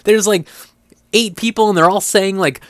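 A man's voice: high voice, normal speed, no echo, clean studio sound. A young man on a podcast, chatting casually and incredulously, with lots of filler words and swearing. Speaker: podcast co-host. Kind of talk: casual chat.

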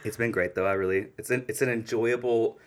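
Very deep-voiced playful male podcaster. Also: brisk. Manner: playful, teasing, animated when retelling. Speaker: podcast co-host. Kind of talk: casual chat.

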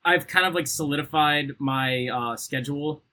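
A man's voice: a little high, normal speed, sharp tone. A man co-hosting a podcast, joking crudely and laughing often in casual chat. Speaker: podcast co-host.

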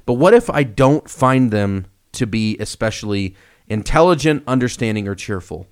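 A young man co-hosting a casual podcast, telling stories with lively swings and acting out the voices in them. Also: mid-range voice, normal speed, smooth. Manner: animated storyteller, acts out quoted voices. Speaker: podcast co-host.

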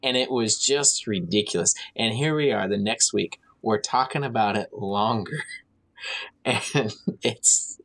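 Low-voiced man, blunt podcast co-host. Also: a little slow, a bit bright, rough recording. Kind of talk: casual podcast chat.

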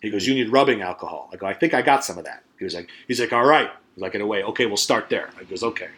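A man's voice: fairly low pitch, lively intonation, rapid-fire, a bit bright. A middle-aged man and podcast co-host telling a story in casual chat, rambling and swearing freely, and acting out the voices of the people he quotes.

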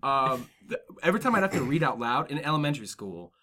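A man's voice: medium pitch, quick pace. A man in his twenties hosting a podcast in casual chat, rambling through stories with lots of filler words and jumping into comic voices. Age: 20s. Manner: animated, slips into comic voices. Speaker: podcast host.

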